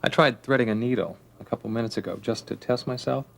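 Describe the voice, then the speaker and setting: An actor playing a calm, sincere surgeon talking with his wife and his boss in a radio drama. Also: mid-range voice, fast talker, gravelly, lightly acted. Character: calm steady male surgeon.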